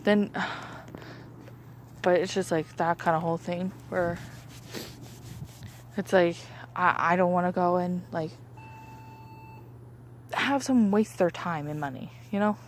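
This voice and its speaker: A woman's voice: on the low side, takes it slowly, long pauses, a little hiss or hum. A young woman, a massage therapist, casually chatting about her week with lots of fillers and restarts. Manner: rambling, many fillers and restarts. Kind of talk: casual chat.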